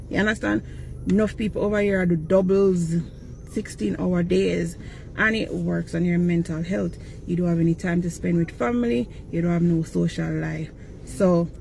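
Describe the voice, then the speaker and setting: A man's voice: high-pitched, creaky, darkish tone, slight background noise, low-quality recording. A young man with a Jamaican accent, speaking earnestly and directly in casual testimony. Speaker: interviewee.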